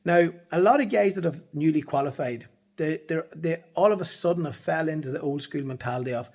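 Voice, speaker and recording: A man talks straight to camera from his office. His voice sits a little high for a man, and he is blunt and emphatic, dropping swear words as he goes. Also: brisk, a little mellow. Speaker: transport compliance consultant. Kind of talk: casual straight-to-camera talk. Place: office, in the evening.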